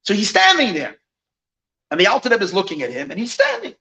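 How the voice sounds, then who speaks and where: Brief: rabbi storyteller, man, bright and lively delivery, restarts often, sprinkles in Yiddish. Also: sits high, quick pace, vocal fry, low-quality recording. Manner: animated, full of restarts, mixes in Yiddish phrases. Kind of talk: Chassidic storytelling at an evening gathering.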